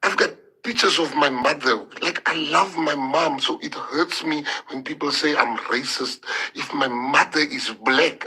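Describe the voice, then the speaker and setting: Husky, emotional man. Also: a little high, pushed and bright, poor audio. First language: Afrikaans. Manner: emotional, halting, repeats words. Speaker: politician. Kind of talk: impassioned public address.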